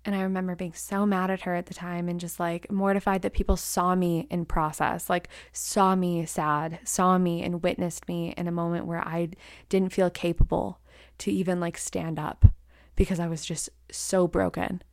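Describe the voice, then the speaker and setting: A young woman who teaches acting tells a personal story in a candid, rambling way, full of filler words. Her voice sits fairly low. The sound is dry, with no room echo. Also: flat delivery, normal speed.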